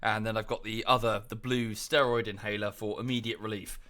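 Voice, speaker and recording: A man's voice: lowish voice, level tone, brisk, fairly bright tone. A man streaming from home in a casual, rambling chat, a bit out of breath. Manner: chatty, rambling with many fillers. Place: home room.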